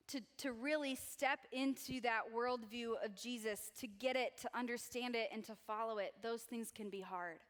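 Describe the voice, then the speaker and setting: Young female youth pastor: upbeat and chatty, playful with the crowd, slightly high voice, long hall reverb. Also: a bit bright. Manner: bubbly, chatty, jokes with the crowd. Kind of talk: casual sermon. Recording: echoey church hall reverb.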